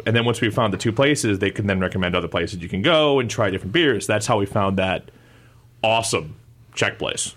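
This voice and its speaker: A man's voice: on the low side, fairly quick, a bit bright. A man from upstate New York co-hosting a podcast, chatting in a rambling way with fillers and laughs. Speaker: podcast co-host. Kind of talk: casual chat.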